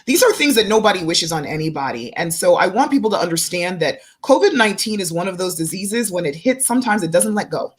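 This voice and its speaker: A woman's voice: fairly low pitch, big pitch swings, quick pace, few pauses. A woman doctor hosting a panel discussion, explaining symptoms earnestly to her guests and viewers. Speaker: doctor and host. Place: studio stage with guests.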